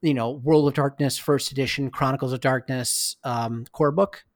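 A man's voice: mid-range voice, steady tone, normal speed, no echo, clean studio sound. A man being interviewed as a guest on a podcast, speaking candidly and reflectively. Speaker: game designer guest. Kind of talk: casual interview talk.

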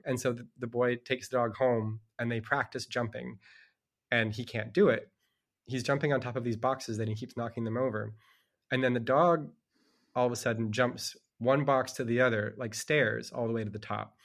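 A middle-aged man talks casually as a guest author. He is an animated storyteller who jumps into little character voices as he recounts a book. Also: mid-range voice, fairly quick. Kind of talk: casual conversation.

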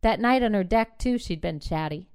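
A woman reading a short story aloud in measured, clipped phrasing. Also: medium pitch, animated, clear, resonant tone. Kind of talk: literary fiction reading.

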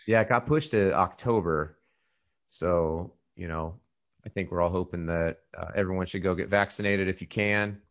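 A man's voice: deep voice, moderate pace. A man hosting a podcast in casual chat, rambling with lots of fillers and restarts. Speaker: podcast host.

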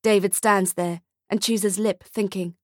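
A woman narrating a dark-humoured short story audiobook in a measured, scripted reading. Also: medium pitch, fairly even intonation, no room sound, studio quality.

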